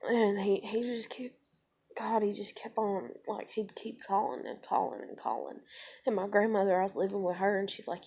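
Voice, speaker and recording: A woman's voice: medium pitch, steady tone, normal speed, darkish tone, breathy edge. Profane blunt woman vlogger. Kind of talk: personal storytelling monologue.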